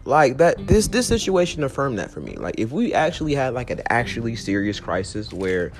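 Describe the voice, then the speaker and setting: Gravelly, animated young man ranting. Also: medium pitch, fairly quick. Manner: slangy, laughing fits, animated swings from giggles to serious. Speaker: podcast host. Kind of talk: casual solo podcast rant.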